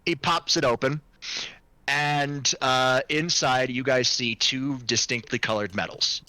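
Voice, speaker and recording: A man's voice: mid-range voice, steady tone, measured pace, pushed and bright, no room sound. A man playing in an online tabletop role-play, thinking aloud with restarts over a home microphone. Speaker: player. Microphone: home microphone on voice chat.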